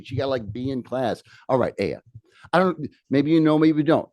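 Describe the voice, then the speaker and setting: A man teaching a history class, lecturing in a lively way with joking asides to his students in a classroom. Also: medium pitch, moderate pace, creaky, no echo, clean studio sound.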